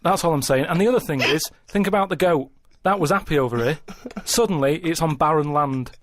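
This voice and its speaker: A man on a comedy podcast, arguing a point at length in a rambling, deadpan way and checking in with the others as he goes. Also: fairly high pitch, dry recording. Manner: builds a point slowly, checking in with a repeated "right?". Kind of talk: rambling comic argument.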